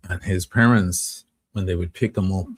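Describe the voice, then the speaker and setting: Husky deep-voiced Dublin man. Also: no room sound. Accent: Dublin Irish. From Ireland. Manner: profane, rambling, reads chat and answers viewers. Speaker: live stream host. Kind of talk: casual live-stream storytelling.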